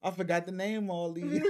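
Young guy cohost rambling on, laughs at himself, slightly high voice. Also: big pitch swings, measured pace. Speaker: podcast co-host. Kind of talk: casual chat.

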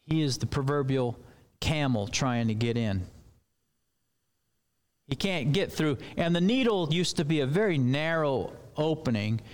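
A man's voice: a little high, animated, measured pace. A man preaching a sermon in a loose, conversational way with rambling asides.

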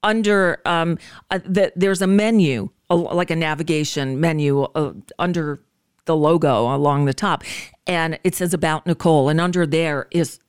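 Give me a woman hosting a talk show, casual and rambling, with a crisp voice in a dead-dry room. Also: sits low, moderate pace, no echo. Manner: relaxed, rambling with fillers. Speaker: radio talk show host. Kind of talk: casual chat introducing an old clip.

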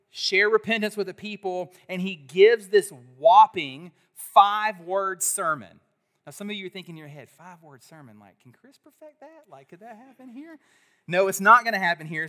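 A man preaching a sermon at a church service, animated and leading the congregation in call-and-response. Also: high-pitched.

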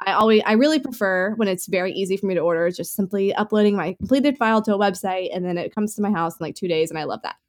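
A woman's voice: medium pitch, fast, hardly any pauses. Woman, podcast co-host, casual chat, upbeat, rambling, lots of ums. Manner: chatty, filler-heavy, upbeat.

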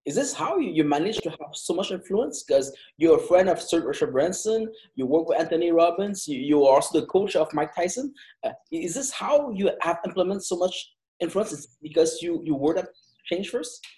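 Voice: medium pitch, animated, normal speed, mellow, low-quality recording. A friendly interviewer who laughs often while asking questions.

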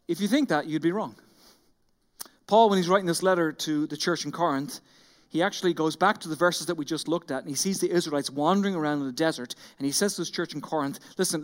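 A pastor preaching a sermon to his congregation, slowing down to stress each scripture reading and speaking straight to the room. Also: high voice, fairly bright tone. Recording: long hall reverb.

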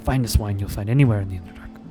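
A man's voice: lowish voice, very fast, music in the background, close to an everyday voice. A man doing a chatty hoofed merchant. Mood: salesy. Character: lovesick hoofed male merchant, eager and chatty.

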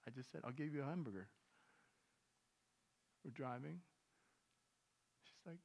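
A pastor preaches a sermon in a church sanctuary, his mid-range, gravelly voice slightly mellow, expressive and unhurried, with long pauses. He tells stories conversationally and acts out the dialogue, and the recording carries a long hall reverb.

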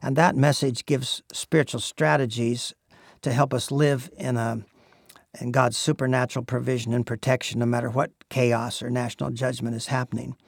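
Male preacher, gravelly voice, earnest, unhurried sermon delivery, dry close recording. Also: mid-range voice, little pitch movement, no echo. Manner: earnest, measured, with frequent "uh" pauses.

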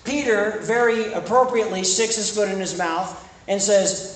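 A man's voice: sits high, normal speed. A young man preaching to a campus ministry in a conversational style that swells into emphatic points. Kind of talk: sermon. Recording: echoey room, distant mic, faint noise.

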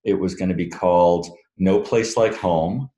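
A man's voice: deep voice, a little slow, mellow, reverberant. A man, an author, answering audience questions in a loose, rambling, self-deprecating way and laughing often. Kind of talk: casual Q&A talk. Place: room with a live audience.

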